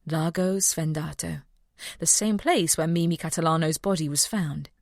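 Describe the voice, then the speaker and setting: A woman's voice: low-pitched, normal speed, creaky, no room sound, clean studio sound. A woman narrating a mystery audiobook and voicing a cheerful young vet. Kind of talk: scripted narration.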